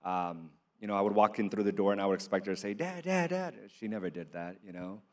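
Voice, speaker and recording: Low-voiced man, reflective and halting. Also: little pitch movement, a little mellow. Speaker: panel speaker. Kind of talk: reflective panel talk.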